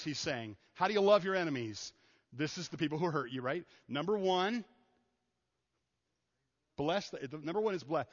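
A man preaching a casual, lively sermon, acting out the people he quotes. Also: on the high side, moderate pace, pauses often. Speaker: pastor. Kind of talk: conversational sermon. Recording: muffled sound in a reverberant hall.

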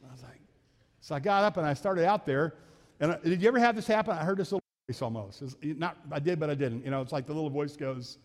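A man's voice: a little high, fast talker. A middle-aged man, a pastor, telling a family story in a folksy sermon and acting out the voices. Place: church sanctuary. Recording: reverberant church hall with faint music.

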